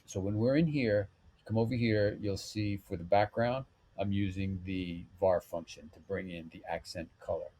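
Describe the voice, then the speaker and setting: A man with a low, mellow voice walks through a website rebuild step by step in a screen-recorded tutorial. He speaks in a relaxed, unhurried way, with plenty of ums and okays. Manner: relaxed step-by-step talk with fillers. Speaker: web developer tutorial host.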